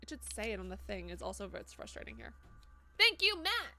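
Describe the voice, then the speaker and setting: A woman talks quickly in a medium-pitched, steady voice, with soft background music, as she live-streams a game. She swears freely in casual chat and reads her viewers' messages aloud, reacting as she goes.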